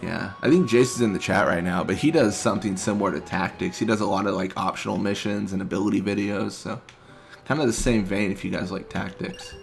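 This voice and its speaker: A man streaming a video game, chatting casually in a relaxed, rambling way with lots of filler words. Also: on the low side, a little fast, creaky, soft background music. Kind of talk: casual live-stream chat.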